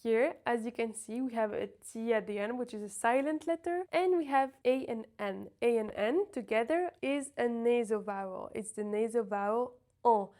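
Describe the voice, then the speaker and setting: A woman teaching pronunciation, sounding out words slowly and carefully to demonstrate each sound. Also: a little high, dark tone. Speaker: French teacher. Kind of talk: pronunciation lesson.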